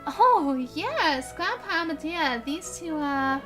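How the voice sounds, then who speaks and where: A young woman streaming a game, reading its dialogue aloud and chatting, bubbly and quick to laugh at her own slips. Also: sits high, lively intonation, fairly bright tone. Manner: chatty, bubbly, stumbles on words and laughs at herself. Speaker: gaming streamer. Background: game music.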